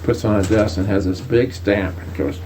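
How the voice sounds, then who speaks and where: A man's voice: fairly low pitch, a little fast, noisy background. An older army veteran telling a casual, rambling story with many restarts, his voice lifting whenever he quotes someone. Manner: lively, lifts his voice when quoting others. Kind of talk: casual spoken anecdote.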